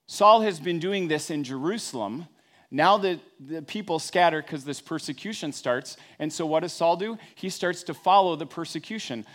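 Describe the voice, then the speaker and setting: A pastor delivers a sermon in a relaxed, conversational manner, mixing storytelling with wry everyday asides. His voice sits a touch high for a man.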